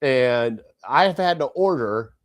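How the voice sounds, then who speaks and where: A man co-hosting a casual sports podcast, telling family stories in an animated way and acting out the people in them. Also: medium pitch, slow pace. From Ohio, United States. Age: adult parent. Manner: animated storyteller, acts out family members. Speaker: podcast co-host. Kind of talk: casual chat.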